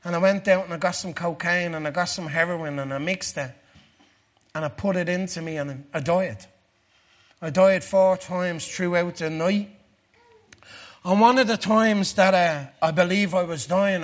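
Speaking to a church gathering, a man from Ireland shares his personal testimony as a sermon. He is earnest throughout and goes low and slow when the story turns dark.

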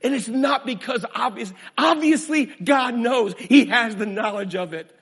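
A male minister preaching a sermon, swinging from hushed storytelling to booming emphasis with a repetitive cadence. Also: unhurried, few pauses, breathy edge, big-room sound.

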